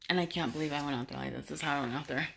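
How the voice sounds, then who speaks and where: A woman's voice: low voice, rapid-fire, vocal fry, fairly bright tone, slightly rough. A woman vlogger telling a story casually to camera, rambling with fillers and restarts and swearing freely.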